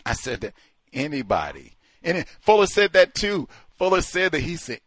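A man's voice: a little high, very animated, moderate pace, fairly bright tone, dry recording. A man hosting a call-in show, talking casually and animatedly, acting out the voices of people he quotes. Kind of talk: casual radio talk.

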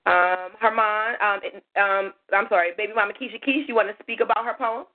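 A woman hosting a call-in radio show, chatty and lively, thanking callers and a little hoarse from losing her voice. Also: mid-range voice, a little fast, soft background music. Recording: tinny phone-line audio.

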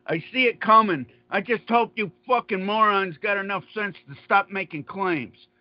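Guy ranting, swearing a lot, really high voice, muffled dry recording. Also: normal speed. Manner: angry, profane, repetitive. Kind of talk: heated political rant. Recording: dull, dry lo-fi sound.

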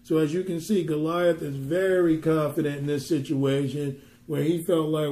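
A man's voice: on the high side, fairly even intonation, moderate pace, hardly any pauses, warm tone, echoey room. A man ministering, teaching a Bible passage conversationally and pressing his points with emphatic rhetorical questions.

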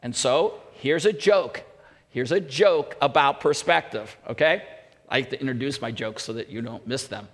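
A man's voice: medium pitch, lively intonation, moderate pace. A male pastor preaching a sermon with earnest emphasis, repeating questions. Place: church hall. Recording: echoey church hall.

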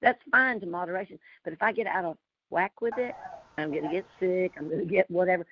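A woman's voice: fairly low pitch, fast, a little hiss or hum. Southern woman, talkative storyteller, muffled call-line sound. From Louisiana. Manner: chatty, animated storytelling with frequent laughs. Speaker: community call participant. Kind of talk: casual group call chat. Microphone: remote call audio.

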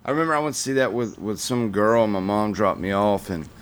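A man co-hosting a casual podcast, reminiscing in a halting way and repeating words. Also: fairly low pitch, animated, smooth. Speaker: podcast co-host. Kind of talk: casual chat.

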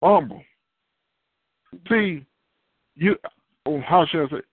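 A man's voice: fairly high pitch, slow, breathy edge, no echo. A man preaching a sermon in a conversational way, asking the listeners questions and answering them himself. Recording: tinny phone-line sound, dry.

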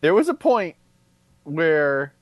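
A man co-hosting a casual podcast chat, an animated storyteller who acts out quotes. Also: on the high side, slow pace. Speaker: podcast co-host.

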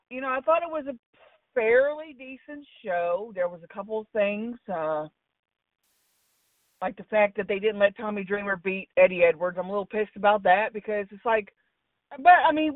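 A blunt, opinionated woman with a fairly high voice calls in to chat casually about wrestling, swearing freely. The phone line is tinny and she sounds far from the mic, with no room sound.

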